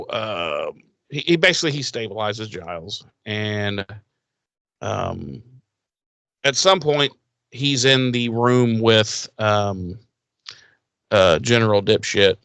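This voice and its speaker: A man co-hosting a TV recap podcast, talking casually with sarcasm and profanity and acting out characters in quick voices. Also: fairly low pitch, expressive, a bit bright, clean tone, no room sound. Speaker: podcast co-host.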